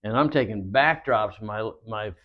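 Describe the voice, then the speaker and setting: A man's voice: fairly low pitch, a little slow. Rambling storyteller man, muffled audio. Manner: rambling anecdotes with many fillers and quoted dialogue. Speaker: guest wrestler. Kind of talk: storytelling interview. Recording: dull lo-fi audio.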